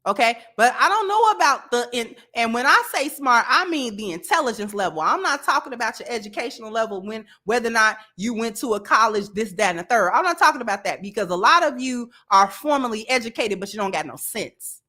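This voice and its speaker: High-voiced woman scolding, blunt. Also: animated, fairly quick, hardly any pauses, pushed and bright. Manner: blunt, scolding, repetitive emphasis. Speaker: commentary channel host. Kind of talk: reaction commentary.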